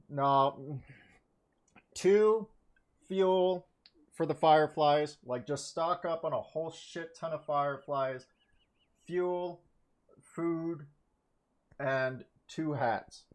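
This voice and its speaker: A man giving casual commentary while he plays a game, thinking aloud, swearing now and then and laughing at his own jokes. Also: mid-range voice. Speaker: gamer streaming to viewers.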